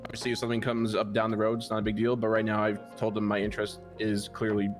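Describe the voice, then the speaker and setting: A man's voice: fairly low pitch, monotone, fast talker, faint music behind. A man talking in character as a police dispatcher in online role-play, laid-back and full of "you know" and "like".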